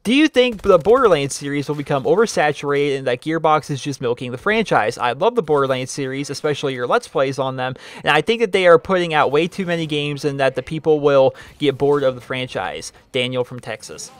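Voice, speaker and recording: A man hosting a show, reading viewer letters aloud and answering them in rambling, animated casual talk with lots of repetition. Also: on the high side, brisk, hardly any pauses, no echo. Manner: rambling, repeats himself, animated emphasis. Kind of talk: casual spoken commentary.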